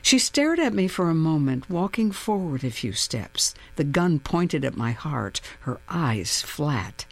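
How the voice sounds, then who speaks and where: A woman narrates a first-person story as an audiobook. Her delivery is unhurried and deliberate. Her pitch moves widely and expressively, and it tightens as the suspense builds. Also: sing-song.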